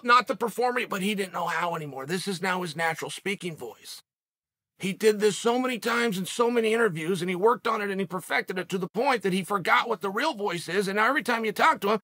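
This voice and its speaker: A man's voice: high-pitched, lively intonation, fast talker, sharp tone, husky. A man hosting a sports podcast, giving a casual commentary monologue with emphatic, punchy rhetorical delivery. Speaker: MMA podcast host.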